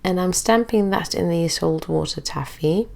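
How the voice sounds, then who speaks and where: Woman, stuffy nose, fry in the voice, chatty craft tutorial voice-over. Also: lowish voice, a little mellow. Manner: chatty and easygoing, with filler pauses. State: stuffy, recovering from illness.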